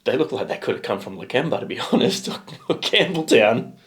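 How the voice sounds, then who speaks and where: Australian guy co-host, jokey and excitable, mid-pitched with a lot of swing. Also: a little fast. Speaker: co-host of a music reaction show. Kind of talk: casual chat reacting to a music video.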